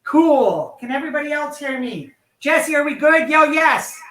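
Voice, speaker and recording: A livestream host chatting upbeat and excitable, interviewing a guest from home without a headset. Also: high voice, moderate pace. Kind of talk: live-stream chat and interview. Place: home, in California. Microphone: computer mic without headset. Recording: echoey room.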